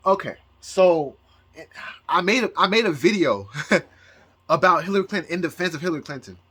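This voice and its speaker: A man talking to his channel in a rambling personal monologue, halting and full of restarts, close to tears. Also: high-pitched, expressive, sharp tone, slightly rough. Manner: halting, with many repeated words and restarts. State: emotional, near tears. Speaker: astrology YouTuber.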